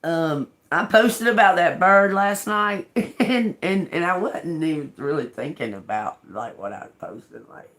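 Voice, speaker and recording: Slow-talking woman laughing through a chat. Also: fairly low pitch, expressive, a bit bright. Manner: laughs through her words, swears freely, addresses viewers as y'all. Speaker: tarot reader. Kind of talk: casual chat to viewers.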